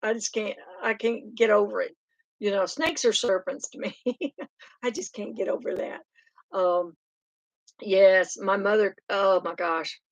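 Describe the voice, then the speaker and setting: A woman's voice: medium pitch, unhurried, dry recording, highs cut off. An older woman, hosting a casual live stream chat, reading out comments and rambling through stories. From Oklahoma. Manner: chatty, rambling, laughs often.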